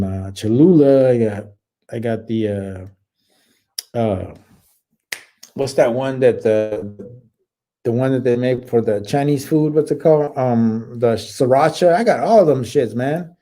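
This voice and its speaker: Reading out viewer comments and answering them, this Army veteran in his forties runs a laid-back live chat, cursing openly and wandering through fillers and false starts. He speaks in a warm, mid-range voice.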